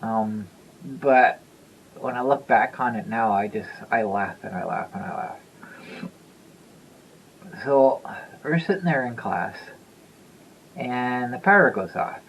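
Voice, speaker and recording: A man's voice: mid-range voice, animated, slow pace, vocal fry, pauses often, a bit bright, slight background noise, poor audio. A man in his fifties telling a story to the camera in a loose, rambling way, chuckling and repeating himself. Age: 50s. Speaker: vlogger. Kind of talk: casual storytelling.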